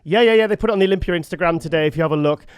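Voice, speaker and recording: A man with a fairly high, smooth, resonant voice hosts a relaxed chat. The sound is close and dry, and he talks easily and laughs often. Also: racing, dry recording. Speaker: host. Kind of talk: casual chat.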